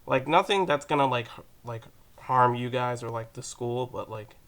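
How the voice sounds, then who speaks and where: A man's voice: mid-range voice, moderate pace, fairly bright tone. A teenage boy ranting casually to camera, rambling with lots of fillers and casual swearing. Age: teens. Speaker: vlogger.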